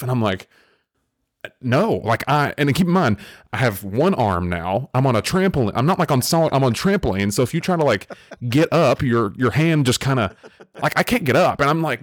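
A man's voice: mid-range voice, lively intonation, fairly quick, dry recording, clean studio sound. A young man, the podcast host, telling stories in a rambling, casual way, full of fillers and restarts. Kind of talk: casual storytelling chat.

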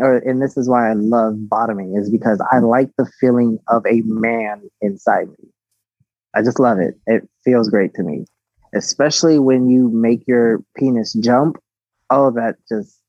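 A husky-voiced man in his twenties talks frankly as an interview guest, giggling and often restarting his sentences. The sound is dry and close, but slightly dull and lo-fi. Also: medium pitch, no room sound. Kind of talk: candid casual interview.

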